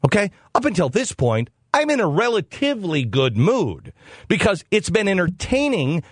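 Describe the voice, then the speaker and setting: Male talk host, comic monologue; sarcastic, exasperated, lively pitch. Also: normal speed, husky, dry recording, clean studio sound. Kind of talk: comedic storytelling monologue.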